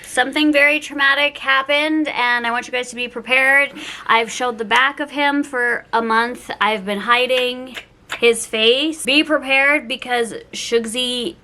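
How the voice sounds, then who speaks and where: Bright-voiced, emotional woman vlogger. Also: sits high, steady tone, a little slow. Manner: emotional, rambling, says "like" a lot. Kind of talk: casual personal vlog. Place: at home.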